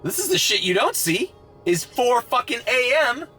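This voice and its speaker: Soft background music plays as a rideshare driver vlogger, lacking sleep, rants to camera from his car parked at a charging station at night, early in the morning. Sarcastic and swearing freely, he speaks at normal speed in an extremely high, sharp voice with big pitch swings.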